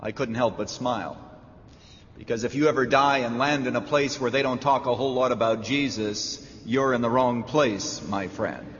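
A man preaching a sermon in a church, emphatic, with dramatic pauses. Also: mid-range voice, fairly bright tone, a little hiss or hum. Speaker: pastor. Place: church sanctuary. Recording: reverberant church hall, dull lo-fi sound.

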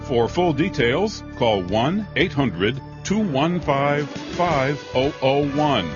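A man's voice: mid-range voice, expressive, takes it slowly. Man, radio announcer, scripted read, dull audio, music behind. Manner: polished, smooth read.

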